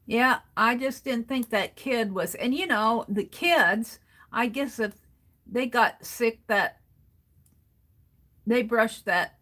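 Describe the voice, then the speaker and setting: A woman hosting an art journaling livestream rambles through a casual story while she crafts, chuckling often between sentences. Her voice is medium-pitched and a bit bright.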